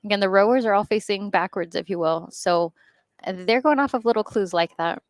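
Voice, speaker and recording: Female color commentator, chatty and explanatory, mid-pitched voice, dry studio-close sound. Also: fairly quick, no room sound. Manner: chatty, explains rowing terms, laughs easily. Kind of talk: rowing race commentary.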